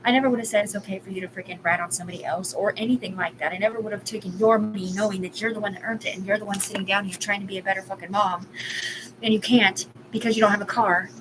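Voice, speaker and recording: A woman's voice: medium pitch, fairly even intonation, very fast, few pauses. A woman in her forties ranting on a live stream, rambling, agitated and profane. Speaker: livestream host. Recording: clear background ambience noise.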